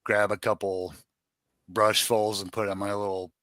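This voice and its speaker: A man's voice: fairly low pitch, flat delivery, normal speed, a bit bright, no echo. A man in a casual chat, easygoing, explaining his painting method step by step.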